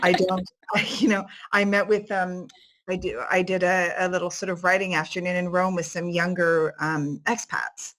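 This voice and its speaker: A woman in her forties, an author telling stories in a casual interview, lively and quick to laugh. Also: on the low side. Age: 40s. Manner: animated, laughing storyteller. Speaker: author guest.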